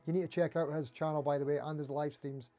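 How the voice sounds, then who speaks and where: A middle-aged man with a Dundee Scottish accent, hosting a casual guitar livestream and chatting quickly with viewers. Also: fairly high pitch, level tone, warm tone. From Scotland. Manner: fast-talking, chatty, reading out viewer comments. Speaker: livestream host.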